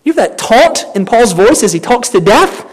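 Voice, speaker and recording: A man's voice: very high voice, sing-song, normal speed. A man preaching a sermon in an earnest, emphatic way, often calling his listeners "friend".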